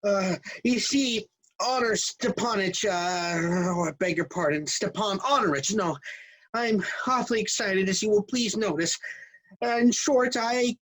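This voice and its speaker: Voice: mid-range voice, measured pace, a bit bright, low-quality recording. A performer playing a flustered, hypochondriac male suitor in his thirties, stammering and hesitant. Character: nervous, hypochondriac 35-year-old male suitor. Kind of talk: stage acting.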